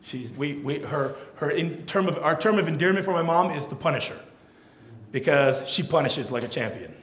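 A man preaching a sermon in a church, swinging from loud emphatic peaks down to low, soft lines. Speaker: pastor. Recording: echoey church hall.

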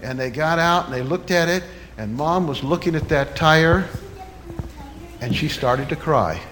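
Animated high-voiced male storyteller. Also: unhurried, slight background noise. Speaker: children's storyteller at church. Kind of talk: children's story sermon.

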